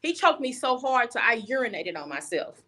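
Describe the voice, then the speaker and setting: A woman's voice: on the high side, sing-song, moderate pace, bright, forceful tone. A young woman guest on a video call, telling a personal story candidly and bluntly, often restarting her sentences.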